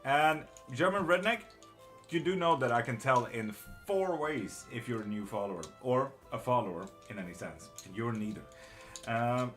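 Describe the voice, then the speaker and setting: A middle-aged man who reads tarot and teaches witchcraft hosts a laid-back live stream reading, reading the chat out loud and cursing under his breath. His voice is medium-pitched and fairly bright.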